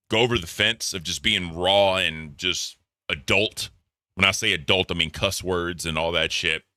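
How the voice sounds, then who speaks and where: Blunt, profane low-voiced man. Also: dry recording, studio quality. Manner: blunt, profane, animated ranting. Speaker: commentary host. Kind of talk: casual commentary and review.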